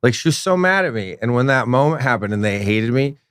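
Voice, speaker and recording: A man's voice: mid-range voice, fast talker, smooth, no echo, studio quality. A man from Minnesota who is a guest comedian, telling stories in a casual podcast chat and acting out the voices of the people in them. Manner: animated storyteller acting out quoted voices.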